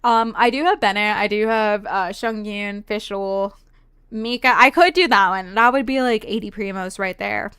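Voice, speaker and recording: A woman's voice: medium pitch, steady tone, normal speed, fairly bright tone, clear, resonant tone, no room sound, studio quality. A young woman from the Southern United States giving casual gameplay commentary as a streamer, chatty and rambling, often trailing off and restarting.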